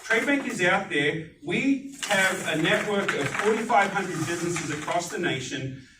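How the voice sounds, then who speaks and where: A man giving a live sales pitch at a business networking meeting, animated and putting questions to the audience. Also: unhurried, background noise. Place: meeting room. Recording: echoey room, distant mic.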